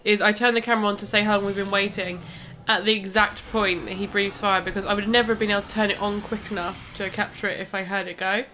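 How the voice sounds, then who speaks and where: A woman with a bright, forward voice, a little stuffed up from hay fever. She chats in a giggly, scatterbrained way over holiday footage. Faint background noise hums under her. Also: medium pitch, flat delivery, fast. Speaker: vlog co-host. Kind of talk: casual commentary over vlog footage.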